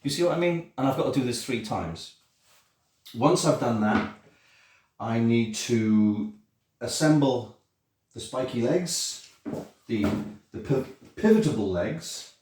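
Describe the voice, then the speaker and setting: A man's voice: medium pitch, animated, slow, long pauses, a little mellow, a little hiss or hum. A middle-aged man with a British accent, chatting casually through a build vlog in a rambling, self-deprecating way, full of fillers and restarts. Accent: British English. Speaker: maker vlogger. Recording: roomy, mic at a distance.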